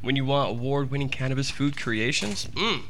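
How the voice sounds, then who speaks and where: A man co-hosting a podcast, mocking his friends loudly with swearing and reading a sponsor ad. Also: mid-range voice, animated, fairly quick, a little hiss or hum. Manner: loud, profane, mocking. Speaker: podcast co-host. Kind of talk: casual podcast banter.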